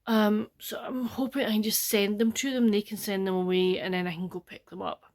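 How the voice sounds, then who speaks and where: An older woman with a Scottish accent, chatting in a rambling, soft-spoken way for her diary-style book vlog at home, often dropping close to a whisper. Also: mid-range voice, flat delivery, a little fast. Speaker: book vlogger.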